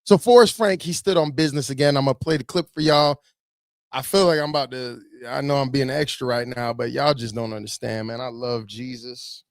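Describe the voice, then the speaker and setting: A man's voice: mid-range voice, brisk, gravelly, no room sound, clean studio sound. A man giving fervent, preachy commentary, getting teary-eyed and repeating himself for emphasis. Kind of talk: emotional commentary.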